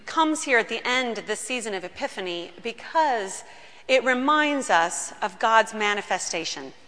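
A woman pastor preaches with a bright, forceful voice that sits somewhat high for a woman. She tells the story earnestly and slows down to lean on key words. Her voice rings out with a long reverb in a church sanctuary. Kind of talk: sermon. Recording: long reverb of a large room.

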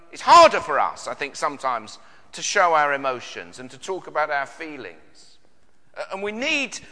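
British man, preacher, earnest sermon, bright tone, long church reverb. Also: a little high. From Britain. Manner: earnest, repeats words often, rhetorical questions.

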